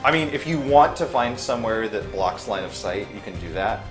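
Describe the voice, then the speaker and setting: A man serves as game master for a tabletop session, quick and teasing, his speech peppered with fillers. His pitch moves widely as he talks. The room is echoey and music plays behind him. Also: expressive. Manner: quick, joking, loose with fillers like "like". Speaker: dungeon master. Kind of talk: running a tabletop game, casual banter.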